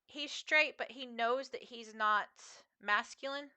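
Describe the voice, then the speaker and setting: A woman's voice: a little high, slow, sharp tone, clear, resonant tone. A woman streamer chatting casually with her viewers while playing a game, in a rambling, chatty way. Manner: chatty and rambling, talking to chat. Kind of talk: casual chat while gaming.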